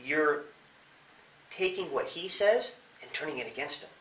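Animated police officer in an echoey room. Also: male voice, fairly high pitch, measured pace, slight background noise. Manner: animated, explaining with questions and acted-out examples. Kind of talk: interview giving advice to young people. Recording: echoey room, mic at a distance.

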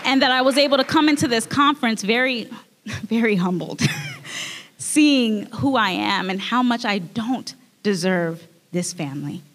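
Woman, fairly high voice, earnest emotional testimony, frequent restarts, long hall reverb. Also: lively intonation, normal speed, a bit bright, a little hiss or hum. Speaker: speaker sharing a communion message. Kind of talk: personal testimony at a church service.

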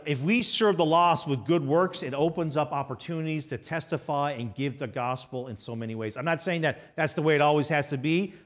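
Male pastor, high-pitched, preaching emphatically in a church. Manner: emphatic, swings between raised exhortation and quiet storytelling. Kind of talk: sermon. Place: church sanctuary.

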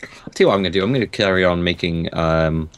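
A man's voice: sits low, fast talker. A young man co-hosting a casual gaming chat, teasing and joking, often laughing. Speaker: co-host of a gaming series.

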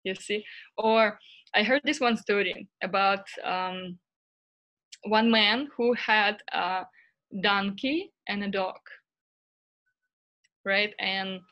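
A woman's voice: medium pitch, slow pace, pauses often, bright, forceful tone. A woman giving an online lecture, telling a story animatedly and tagging nearly every phrase with "right?" and "you know". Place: online stream.

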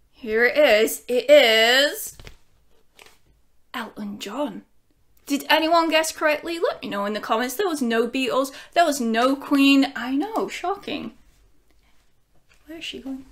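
A woman chatting excitedly at home as she unboxes a record for her vlog, gushing and talking to her dog. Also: sits high, unhurried, pauses often. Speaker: vinyl collecting YouTuber.

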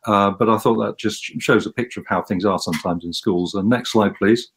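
A man from England with a somewhat low voice talks casually over slides on a video call. He rambles, repeats words and pokes fun at himself as he goes. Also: fairly quick, a bit bright, slight background noise. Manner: rambling, repeats words, self-deprecating humor. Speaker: guest musician giving a slide talk.

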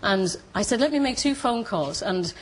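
An Irish woman, a guest on a television chat show, telling her story in an animated way and acting out the voices of people she quotes. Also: mid-range voice, normal speed, a little hiss or hum, rough recording. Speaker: studio guest. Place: TV studio.

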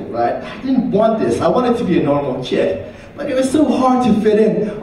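A young man performing a stand-up comedy set at a university comedy night, animated and quick to jump into loud put-on voices. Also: sits high, a little hiss or hum. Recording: roomy hall, mic heard from a distance.

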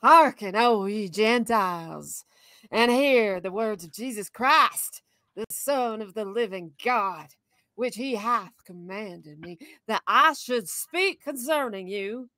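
A woman putting on a slow, solemn old grandma voice to read scripture aloud, drawing out each phrase in a preachy way. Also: mid-range voice, expressive, sharp tone, no echo, clean studio sound. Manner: slow, drawn-out, preachy reading. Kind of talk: scripture reading in a put-on voice.

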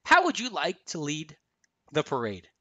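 A man reading a storybook aloud, voicing a friendly, easygoing young mountain man with a relaxed, good-natured way of talking. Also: a little high, normal speed, no room sound, heavily acted.

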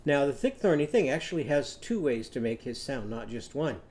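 A man with a medium-pitched voice speaks at a normal speed as he teaches young learners a phonics lesson. He tells a short story and leads simple songs, animated and coaxing, singing lines for the children to echo back.

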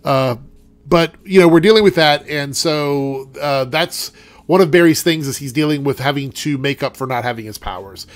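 A young man with a slightly high, congested, nasal voice gives a chatty, rambling TV review packed with fillers at a moderate pace. It's a casual rant and review from a TV show reviewer, recorded with no room sound.

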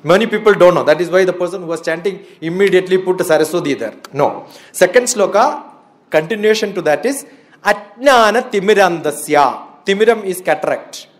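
Older man, Indian English accent, high-pitched, lecturing students, chants Sanskrit verses, laughs often. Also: a little fast. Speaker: guest speaker at a student orientation. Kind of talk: lively motivational lecture to students.

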